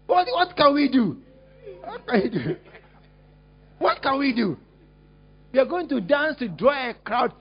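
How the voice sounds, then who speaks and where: High-voiced husky male preacher, animated. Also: slow, pauses often. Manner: animated, exclamatory, teasing the congregation. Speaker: pastor. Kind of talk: lively sermon with acted-out demonstration. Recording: dull lo-fi recording.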